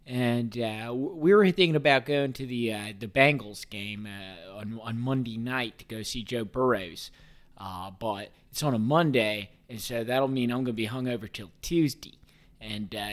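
A man's voice: medium pitch, lightly acted. A man voicing a chatty, easygoing Baltimore local with a put-on Baltimore accent, rambling from one plan to the next. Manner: rambling, run-on storytelling.

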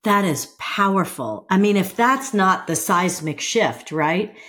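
A woman's voice: mid-range voice, expressive, measured pace, fairly bright tone. A woman hosting an interview, affirming her guest's story and prompting him to share more. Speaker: podcast host. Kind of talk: interview questions.

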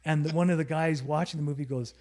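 A man's voice: on the high side, steady tone, fast, a little mellow. A man chatting casually on a podcast, telling a story with plenty of swearing and laughter. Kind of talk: casual chat.

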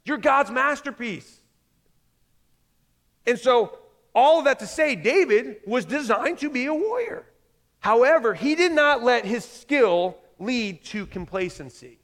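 A man with a notably high voice preaches in a conversational way and slips into quoted voices to make his point. His words ring out with a long reverb, as in a large hall. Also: very animated, measured pace, a bit bright. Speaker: pastor. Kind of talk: sermon.

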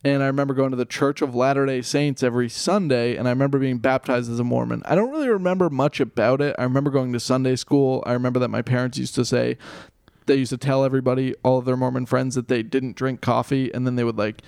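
A male comedian, animated and laughing at his own jokes, curses his way through a story during a laid-back podcast chat. He talks quickly at a medium pitch, with a creaky yet smooth voice, in clean studio sound with no echo.

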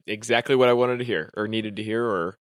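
A man's voice: fairly low pitch, a little fast, no room sound, studio quality. A man co-hosting a podcast, answering briefly and agreeably in a casual chat.

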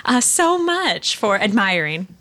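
A woman's voice: medium pitch, sing-song, takes it slowly, sharp tone. A woman playing a character in a tabletop role-playing game, playful and giggly. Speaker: player.

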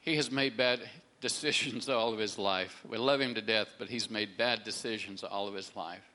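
A man's voice: fairly low pitch, moderate pace, sharp tone. A middle-aged man telling a faith testimony in a casual, rambling way, often repeating words and acting out the people he quotes. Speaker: storyteller sharing a faith testimony.

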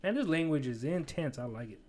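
A man's voice: on the high side, expressive, a little fast, darkish tone. A man casually reading a choose-your-own-adventure book aloud, breaking off with jokey asides. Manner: jokey, digressive, laughs at his own asides.

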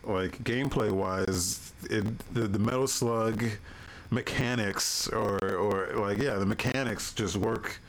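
A man co-hosting a casual gaming chat, talking in halting bits that trail off and restart. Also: lowish voice. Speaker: podcast co-host.

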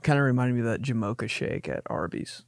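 A man's voice: mid-range voice, animated, fast talker, gravelly, no room sound, studio quality. A young man hosting a podcast, riffing in a jokey comedic monologue and slipping into silly voices. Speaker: podcast host.

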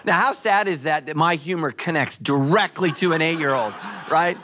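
A male pastor giving a sermon at a church service, joking and telling animated stories. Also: on the high side, moderate pace, slight background noise. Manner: animated, joking, storytelling preacher.

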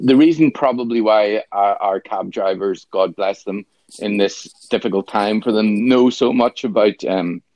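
A Northern Irish man hosts a casual chat, teasing with sardonic, deadpan humour. His voice sits close and dry, with a slightly dulled top end. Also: on the low side, no room sound. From Northern Ireland. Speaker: podcast host. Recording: dry, slightly dull sound.

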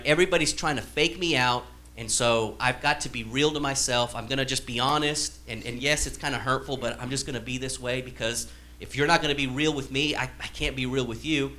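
A man's voice: medium pitch, pushed and bright. A male pastor giving a conversational sermon, acting out quoted dialogue with a sarcastic edge.

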